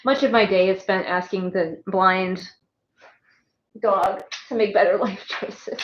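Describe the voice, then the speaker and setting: A chatty woman streamer rambles casually from home and laughs a lot. Her voice sits at an everyday middle pitch. The audio is a bit muffled and lo-fi. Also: fairly even intonation, takes it slowly. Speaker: streamer and writer. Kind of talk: casual chat on a birthday live stream. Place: home with pets.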